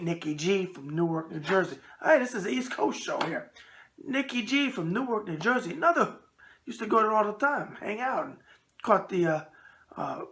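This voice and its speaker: A man's voice: high voice, creaky, fairly bright tone. A middle-aged man with a New York accent hosting a casual boxing mailbag show, talking bluntly and stumbling over words. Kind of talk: casual video mailbag chat.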